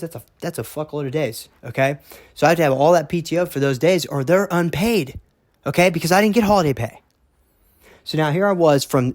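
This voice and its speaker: This medium-pitched man recounts a personal story in a relaxed monologue, captured in a dry, studio-grade recording. His delivery is emphatic and blunt, full of repeated words, the odd swear, and frequent "okay?" check-ins.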